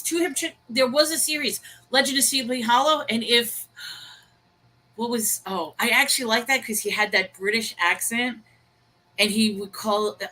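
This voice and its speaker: A woman's voice: mid-range voice, bright, forceful tone, a little hiss or hum, poor audio. A woman co-hosting a casual livestream discussion, chatty and laughing at her own pronunciation. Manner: chatty, self-deprecating about pronunciation; reads viewer chat aloud and greets viewers.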